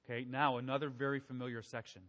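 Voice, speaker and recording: A man's voice: mid-range voice, flat delivery, quick pace, fairly bright tone. Conversational male preacher in a reverberant hall. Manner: conversational, asks the congregation questions. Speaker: pastor. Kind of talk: sermon.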